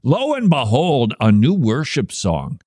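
A man's voice: mid-range voice, wildly swooping pitch, unhurried, darkish tone, no room sound, clean studio sound. A man hosting a comedic commentary show, sarcastic and mocking as he talks. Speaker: podcast host.

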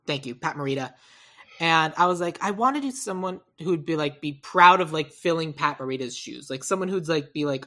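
A woman with a low voice and a bright, edged tone talks through her ideas in casual podcast chat. She rambles, corrects herself mid-sentence and drops into animated asides. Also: a little fast. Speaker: podcast co-host. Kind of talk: casual chat about movie casting.

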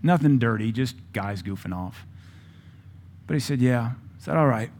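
A man's voice: medium pitch, animated, normal speed, a little mellow. Conversational male preacher. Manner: quotes scripture in old English. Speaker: pastor. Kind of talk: sermon.

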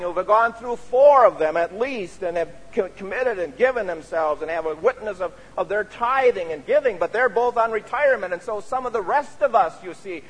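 A man preaching a sermon as a pastor, speaking earnestly and often adding "you see" as he makes his points. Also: sits high. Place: church sanctuary. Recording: reverberant church sanctuary.

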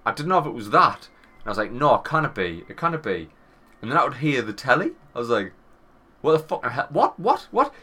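Northern english bloke, 30s, bright tone, swears a lot, tells a story doing the other people's voices. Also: male voice, mid-range voice, quick pace. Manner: swearing, animated anecdote with quoted voices. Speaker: podcast co-host. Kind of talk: casual storytelling chat.

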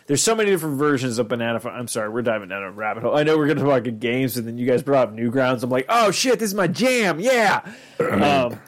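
Brief: mid-pitched man, casual host, rambles, curses, mimics voices in stories. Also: rapid-fire. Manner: rambling, swearing, acts out quotes in voices. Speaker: podcast host. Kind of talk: casual chat.

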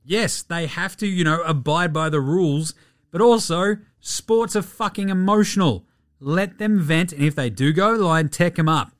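Brash Australian man ranting, fairly high voice. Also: normal speed. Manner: profane, blunt ranting. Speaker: podcast host. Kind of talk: casual sports talk.

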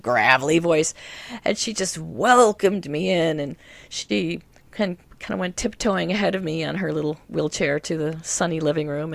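A woman telling a personal story to an interviewer, animated and laughing often. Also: on the low side, vocal fry, no echo.

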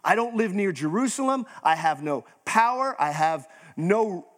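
A man's voice: sits high, animated, measured pace. A man voicing a bewildered young village woman. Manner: pleading rhetorical questions.

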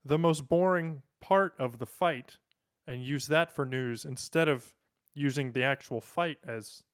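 A man co-hosting a casual podcast, relaxed and agreeable in the back-and-forth. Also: mid-range voice, unhurried, smooth, dry recording, clean studio sound. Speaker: podcast co-host.

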